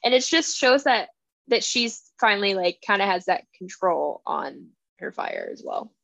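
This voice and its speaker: A young woman co-hosting a book podcast, chatting casually and quoting characters with animated voices. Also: mid-range voice, a little slow, vocal fry, dry recording. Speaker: podcast co-host. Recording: dull, dry, lo-fi sound.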